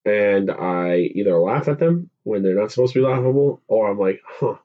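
A man's voice: fairly low pitch, normal speed, narrow, tinny audio. A man co-hosting a podcast in casual, profane, joking banter. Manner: joking, profane, lively delivery. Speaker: podcast co-host.

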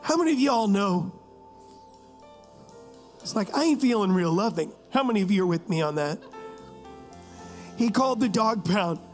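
A male pastor with a strikingly high voice preaches to his church. He tells stories in a loose, joking way and keeps calling on the congregation to agree with him, while soft music plays faintly in the background. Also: animated, moderate pace, pauses often. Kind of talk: sermon with storytelling. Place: church service.

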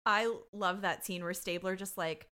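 A woman's voice: fairly low pitch, fairly even intonation, normal speed, pushed and bright. A woman co-hosting a podcast in casual chat, blunt and profane, retelling scenes with acted-out quotes. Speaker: podcast co-host.

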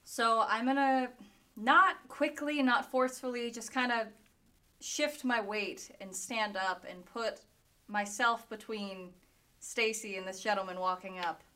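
A woman playing a tabletop role-playing game, speaking calmly and soothingly. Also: on the high side, a little slow. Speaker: player.

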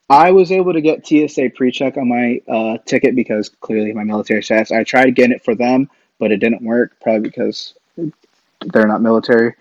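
A man's voice: medium pitch, darkish tone, no room sound. A man, a podcast guest, telling stories in a casual, rambling way, full of fillers and restarts. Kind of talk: casual storytelling. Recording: dull lo-fi dry sound.

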